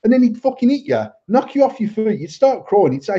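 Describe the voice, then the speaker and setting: A British man with a British accent co-hosting a live show, telling sweary, animated stories in casual banter. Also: high-pitched, a little fast. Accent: British English. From England. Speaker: podcast co-host. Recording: dull lo-fi sound with faint noise.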